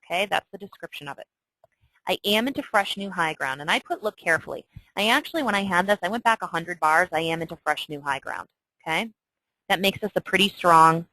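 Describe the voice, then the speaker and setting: A woman teaching a trading lesson in a chatty way, walking through a chart and checking in often with "okay?", with excitable asides. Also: lowish voice, no echo, rough recording. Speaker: trading instructor. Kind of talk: screen-share lesson walkthrough.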